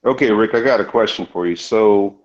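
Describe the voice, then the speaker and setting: A man with a very low voice chats as a guest in an online group call. He is easygoing and often corrects himself mid-sentence. His audio comes through dull and lo-fi. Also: brisk. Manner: easygoing, self-correcting, laughs. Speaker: guest on a live chat. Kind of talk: casual group chat.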